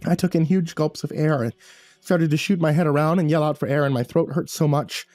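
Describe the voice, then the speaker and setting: A man's voice: fairly high pitch, fairly even intonation, brisk, a little mellow, no echo, faint music behind. A man narrating a first-person horror story in a tense, breathless way, stumbling over words now and then.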